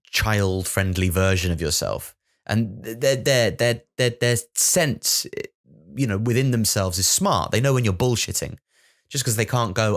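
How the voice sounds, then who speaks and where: A man hosting his own podcast, rambling through a sweary, self-mocking comic monologue. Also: on the low side. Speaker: comedian podcast host.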